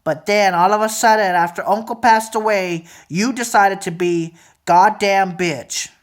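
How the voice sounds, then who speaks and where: Angry young woman ranting, swearing. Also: unhurried. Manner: repeats phrases, drops to a low mutter at times. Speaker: vlogger. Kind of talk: emotional venting monologue.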